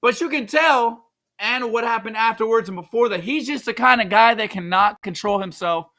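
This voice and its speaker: A woman co-host giving jokey, animated commentary with frequent exclamations. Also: fairly high pitch, normal speed. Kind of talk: casual commentary.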